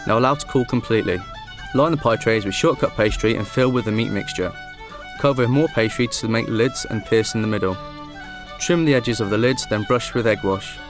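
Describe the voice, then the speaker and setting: A man from Cornwall talks through a pie recipe as a guest chef on television. He explains each step in a plain, steady way. Music plays clearly behind his voice. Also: on the low side, brisk.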